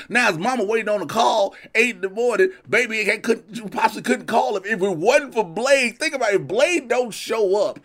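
A man co-hosting a movie podcast, joking loudly and acting out scenes as he riffs. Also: sits high, fairly quick, few pauses. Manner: animated, joking, acts out scenes. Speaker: podcast co-host. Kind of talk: comedic movie review chat.

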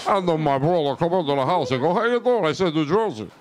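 A man's voice: a little high, expressive, fast, over music, lightly acted, rough recording. A man voicing a grumbling old male stand-up comedian who mumbles and slurs his words. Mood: mumbling. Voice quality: slurred, mumbled, unintelligible.

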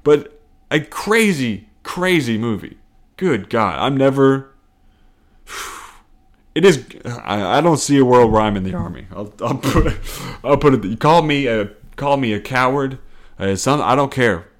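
A man's voice: mid-range voice, animated, unhurried. A man hosting a casual solo comedy podcast, rambling and profane, self-deprecating, and laughing often. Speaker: podcast host.

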